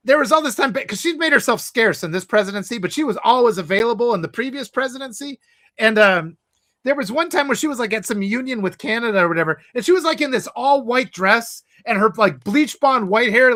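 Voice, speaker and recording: Woman co-host, high and bright, animated rambling chat. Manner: animated, rambling, laughs often. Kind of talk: casual chat.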